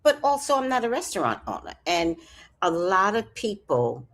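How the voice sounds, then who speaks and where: A woman's voice: medium pitch, big pitch swings, moderate pace. A woman chatting casually on a livestream, reading out comments with rambling, profane asides and jokes. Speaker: vlogger.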